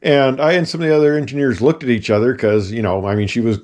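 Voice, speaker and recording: A man's voice: mid-range voice, fairly even intonation, quick pace, darkish tone. An older man in his seventies, a retired pilot and engineer, chatting casually through a tour of his home, rambling with many fillers and self-deprecating asides. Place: at home, in his house and attic office.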